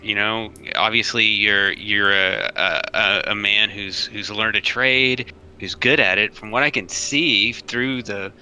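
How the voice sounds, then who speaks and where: Bright-voiced, stammering player. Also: male voice, fairly low pitch, fairly even intonation, a little slow, a little hiss or hum, low-quality recording. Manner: coaxing, friendly, stammering restarts. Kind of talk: playing a tabletop game.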